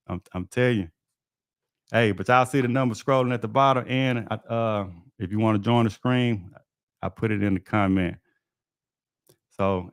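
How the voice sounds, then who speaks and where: An HVAC technician hosting a livestream tells stories from his trade in a laid-back, folksy style. His medium-pitched voice is recorded at studio quality with no echo.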